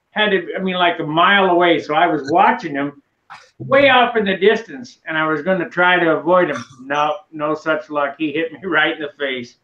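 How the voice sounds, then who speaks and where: A man's voice: a little high, fairly bright tone. A man on a video call telling stories in a folksy, laid-back way. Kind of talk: casual chat, telling stories. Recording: roomy, dull lo-fi video-call audio.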